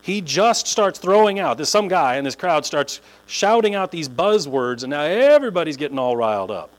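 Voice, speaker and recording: A man preaching a sermon in a conversational, animated way, acting out the voices of the people he describes. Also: normal speed, rough recording. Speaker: pastor. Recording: low mains hum.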